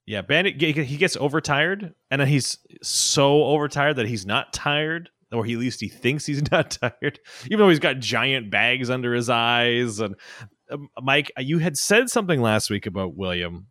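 A man, co-hosting a casual chat and telling expressive parenting stories. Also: mid-range voice, moderate pace, no room sound, clean studio sound. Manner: expressive, laughing, acting out his child. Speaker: podcast co-host.

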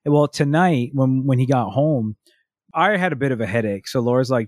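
A young adult man on a casual podcast, telling parenting stories with lively acted-out quotes of his toddler. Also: mid-range voice, moderate pace, dry recording, clean studio sound. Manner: animated storyteller acting out a toddler's lines. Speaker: podcast co-host. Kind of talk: casual chat about parenting.

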